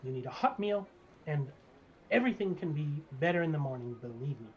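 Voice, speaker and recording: Guy doing a high fussy little gnome barber, rambly and creepy, kinda dull lo-fi mic. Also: animated, brisk, lightly acted. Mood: fawning. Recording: slightly dull lo-fi mic, faint noise.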